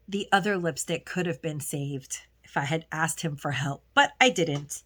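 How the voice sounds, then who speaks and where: Here a woman beauty vlogger with a low, somewhat bright voice speaks at normal speed. She chats casually at home through a haul video, gushing about lipsticks and often restarting sentences.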